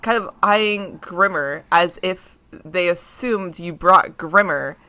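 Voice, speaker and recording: A woman narrating a tabletop game as game master, describing scenes in a halting way with fillers. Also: lowish voice, background noise. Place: home streaming setup.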